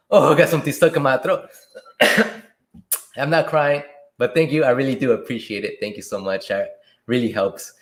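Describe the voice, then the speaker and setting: A man hosting a casual livestream Q&A, reading viewer questions aloud and answering them in a relaxed way from a room at home. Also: medium pitch. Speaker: livestream host and delivery driver. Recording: echoey room.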